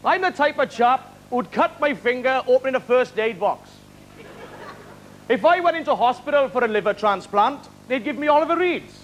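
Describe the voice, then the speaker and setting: A Welsh man doing stand-up comedy on a live talent show, firing off quick one-liners and chuckling at his own jokes. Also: very high voice, animated, noisy background. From Wales. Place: television studio stage before a live audience. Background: studio audience laughter.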